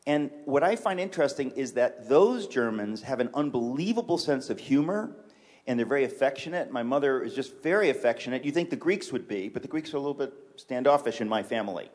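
A man's voice: mid-range voice, animated, darkish tone. Joking man, guest on a church stage. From New York City. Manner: joking, quick asides, self-mocking. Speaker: guest author. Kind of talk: casual interview chat on a church stage.

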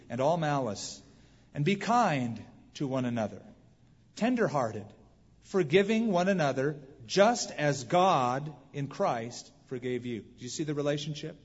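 A man's voice: a little high, slightly rough. Preacher man in an echoing hall. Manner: animated storytelling, acts out quoted voices. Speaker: pastor. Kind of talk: sermon. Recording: muffled hall recording with long reverb.

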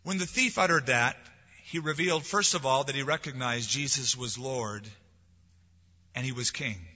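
A man preaching a sermon as pastor, rising to loud emphasis and dropping to quiet lines. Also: medium pitch, moderate pace, big-room sound, muffled recording. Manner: preaching with swelling emphasis and soft drops.

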